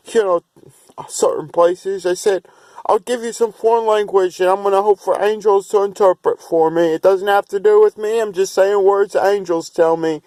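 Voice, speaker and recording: High-voiced man rambling on a dry mic. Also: a little mellow, no echo. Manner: rambling, restarts and repeats himself; chants long runs of made-up syllables in a raised voice. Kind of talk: rambling vlog monologue.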